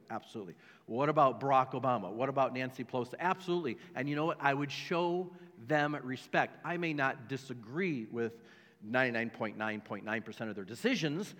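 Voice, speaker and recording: A man's voice: mid-range voice, fairly bright tone. A man preaching a sermon as a pastor, emphatic and repetitive, with joking asides to the congregation. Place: church sanctuary. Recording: long hall reverb.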